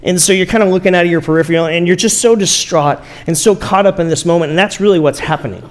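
A man preaching a sermon, telling a story in a conversational way with rhetorical questions and slow pauses for emphasis. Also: sits high. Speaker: pastor.

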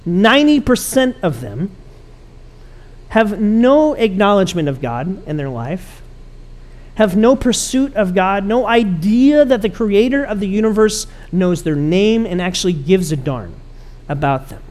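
High-voiced man preaching a sermon. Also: big pitch swings, unhurried, a little mellow. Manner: conversational, emphatic preaching with rising bursts. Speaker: pastor.

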